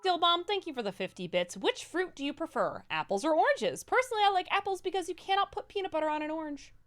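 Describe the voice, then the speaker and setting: A woman co-host reading donation messages and viewer questions on a livestream in a brisk, upbeat way. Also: extremely high pitch, sing-song, fairly bright tone, faint music behind.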